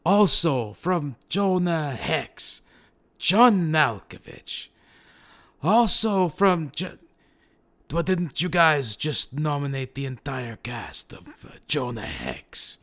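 A man's voice: fairly high pitch, animated, slow, fairly bright tone, voice pushed up, heavily acted. A man impersonating a male movie star who presents awards in a pompous, over-formal way.

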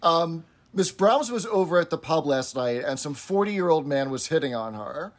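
A man's voice: on the high side, expressive, moderate pace. A man co-hosting a podcast in casual chat, steadily recapping an episode with frequent "um"s and "uh"s. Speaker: podcast co-host.

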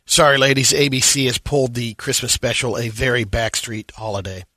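A man's voice: mid-range voice, fairly even intonation, a little fast, sharp tone, no echo. A man co-hosting a casual comedy chat, steadily reading out figures. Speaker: co-host.

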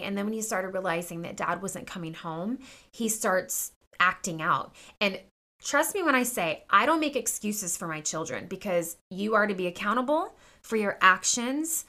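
With a mid-range, fairly bright voice, a woman in her thirties hosts a podcast and shares a personal story in a chatty way. She talks casually to listeners, using lots of fillers and quoted dialogue.

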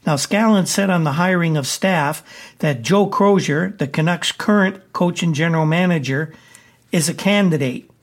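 A man delivering a sports news report in a brisk, matter-of-fact way, with the odd "uh". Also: on the high side.

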